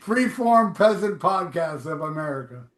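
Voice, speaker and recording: Rambling podcast host, man, high bright voice, echoey room. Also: animated, normal speed. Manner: rambling, profane, jokey. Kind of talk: casual podcast banter.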